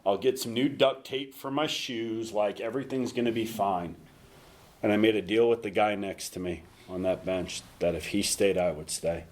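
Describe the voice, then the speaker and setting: A man with a lowish voice tells his recovery story to a meeting. He is frank and self-mocking, and he keeps his dry jokes at his own expense. He shifts easily from humor to quiet, serious moments. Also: moderate pace. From North Carolina. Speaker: recovery speaker.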